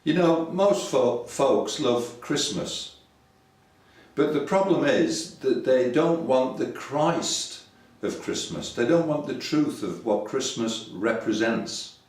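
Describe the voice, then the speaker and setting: A man's voice: mid-range voice, expressive, slow pace, darkish tone. An older man from Yorkshire with a Yorkshire accent, giving a casual sermon to camera in a rambling, hesitant, conversational way. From Yorkshire, England. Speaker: website preacher. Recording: echoey room from far off.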